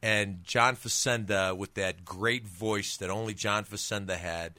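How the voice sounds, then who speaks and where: Interview guest, male former athlete; bright, animated storyteller; dry close studio sound. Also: on the low side, a little slow, no room sound. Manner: animated storyteller with many restarts. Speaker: guest, former pro football player and author.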